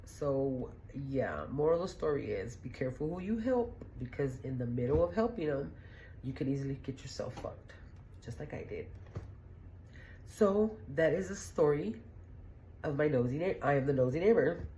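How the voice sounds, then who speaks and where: A woman's voice: low-pitched, lively intonation, normal speed, warm tone, a little hiss or hum. A middle-aged woman hosting a podcast, telling stories in a blunt, profane, rambling way and laughing as she goes. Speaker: podcast host. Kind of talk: casual storytelling monologue.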